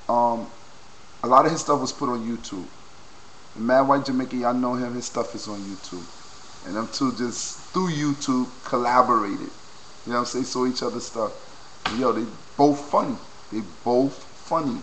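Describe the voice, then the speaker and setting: A young man vlogging into a low-quality webcam, excitedly reacting and repeating exclamations. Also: a little hiss or hum. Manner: hyped, repetitive exclamations. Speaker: video blogger.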